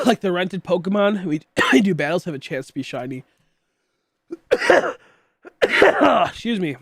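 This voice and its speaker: A man's voice: high-pitched, sing-song, brisk, husky, no room sound. A young man streaming and chatting casually with viewers, rambling with many fillers and coughing often from a tickly throat. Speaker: livestreamer.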